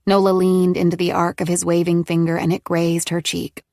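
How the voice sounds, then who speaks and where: A woman narrating a thriller audiobook in a steady, even storytelling manner. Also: lowish voice, normal speed, dry recording, clean studio sound. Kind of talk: scripted narration.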